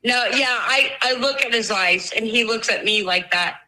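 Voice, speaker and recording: A woman calling a radio show who talks slowly and emotionally, close to tears. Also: fairly high pitch, sharp tone, a little hiss or hum, low-quality recording. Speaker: caller. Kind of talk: phone-in conversation.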